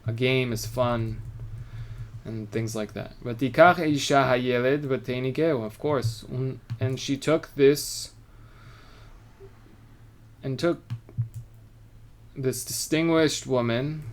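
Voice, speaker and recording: Male Torah teacher, mid-pitched, casual, reads verses aloud and then explains them, with keyboard typing faint in the background. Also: slow, long pauses. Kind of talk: informal text study lesson.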